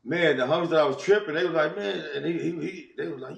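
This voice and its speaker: A middle-aged man from Watts, Los Angeles, telling his story as a guest in casual, animated, slangy talk. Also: high voice, quick pace, creaky, hardly any pauses. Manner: animated, slangy, chuckles between phrases. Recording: roomy echo.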